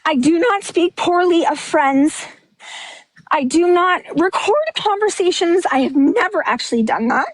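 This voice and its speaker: A woman's voice: very high voice, expressive, measured pace, no echo. A woman talking bluntly and emotionally on a livestream, rambling and restarting, a bit out of breath. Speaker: livestream host. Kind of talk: candid livestream monologue.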